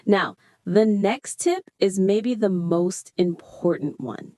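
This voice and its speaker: A woman teaching English in a scripted dialogue, speaking slowly and clearly with deliberate phrasing. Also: mid-range voice, lively intonation, warm tone, no room sound. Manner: slow, clear, deliberate delivery.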